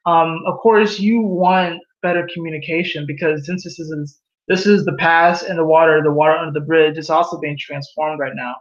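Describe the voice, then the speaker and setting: A man giving a casual tarot reading, animated and laughing at his own jokes. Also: a little high, moderate pace. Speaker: tarot reader. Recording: echoey room, dull lo-fi sound.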